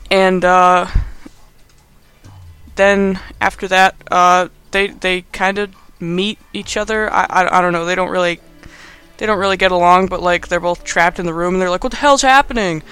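A man's voice: high voice, little pitch movement, moderate pace, sharp tone, clean tone, soft background music. A young man hosting a podcast, giving a casual movie recap in a rambling, sarcastic way. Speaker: podcast host.

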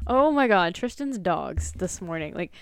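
A woman co-hosting a casual podcast, reacting quickly and teasing with playful mock quotes. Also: lowish voice, very animated, smooth. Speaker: podcast co-host. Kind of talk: casual chat.

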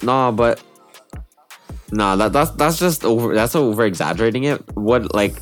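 A young man in casual podcast chat, laid-back and quick to agree or push back. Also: mid-range voice, expressive, faint music behind.

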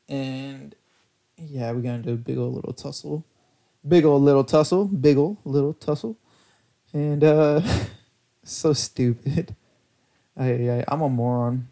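A young man with a mid-range, darkish voice speaks a little slowly, hosting his own solo podcast. He rambles through loose stories packed with fillers, mocks himself, and sounds tired and lethargic.

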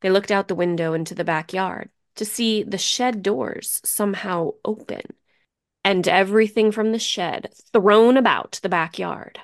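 Female co-host narrator, unhurried, gravelly edge, atmospheric, drops to a hush. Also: mid-range voice, no room sound, studio quality. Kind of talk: scripted storytelling narration.

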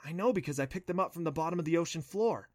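A man's voice: on the high side, a little mellow, dry recording, studio quality, pitched above the performer's own voice, natural voice. Man doing a scoffing young girl. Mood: doubtful. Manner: indignant, quick to scoff. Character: sharp, skeptical young girl.

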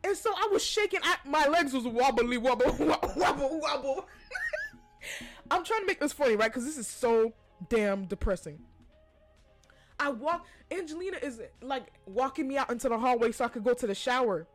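A podcast host with a high, expressive voice shares a personal story with her listeners at a moderate pace. Her delivery is casual, with free cursing and frequent laughter between lines, while faint music plays in the background.

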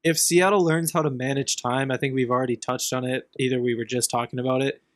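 A young man co-hosting a sports podcast, giving relaxed, measured picks in casual chat. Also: mid-range voice, dry recording, clean studio sound. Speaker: podcast co-host.

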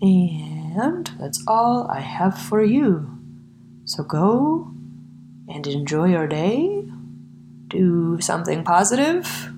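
A woman's voice: fairly low pitch, very animated, slow, warm tone, reverberant, slight background noise. A woman hosting a true crime podcast, talking bluntly and with a lot of profanity. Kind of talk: angry rant then casual sign-off.

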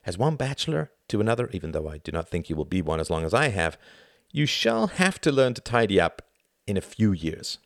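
A man voicing a calm, worldly older bachelor friend who speaks in a measured, wry way. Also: sits low, creaky, no room sound, clean studio sound, full character voice.

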